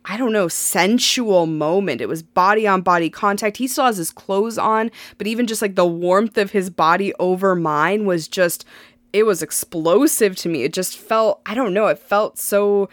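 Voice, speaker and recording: Candid woman podcaster, casual storytelling, mid pitch, super dry close sound. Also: moderate pace, no room sound. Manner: frank, laughing often, lots of "like" fillers.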